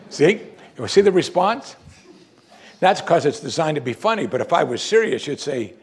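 A middle-aged male pastor preaching a sermon, animated and preacherly, swinging between loud emphasis and low, quiet lines. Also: a little fast, husky.

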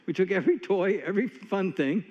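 A man's voice: high voice, lively intonation, a little fast, a little mellow. A man preaching a sermon in a folksy, conversational way, telling stories with many asides. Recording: long hall reverb, dull lo-fi sound.

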